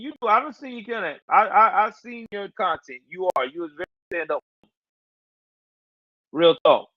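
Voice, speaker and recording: A man's voice: high-pitched, pushed and bright, no room sound, muffled recording. A man hosting a casual livestream, talking in loose slang and answering his viewers' chat. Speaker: livestream host.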